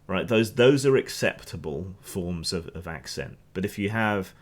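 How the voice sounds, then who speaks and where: His low-pitched voice is animated yet unhurried as he offers opinionated news commentary on a stream. The man is English, with a Hampshire accent, and often rambles and restarts.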